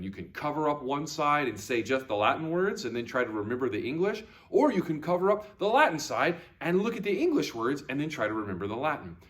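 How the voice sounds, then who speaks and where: Man, teacher, children's video lesson, lively pitch, repeats words slowly. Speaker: Latin teacher.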